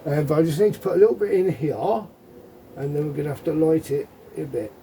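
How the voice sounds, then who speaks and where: Rambling middle-aged man, mellow voice. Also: fairly high pitch, fast, slight background noise. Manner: rambling, chatty, with joking asides. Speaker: off-grid living vlogger. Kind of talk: casual demonstration chat.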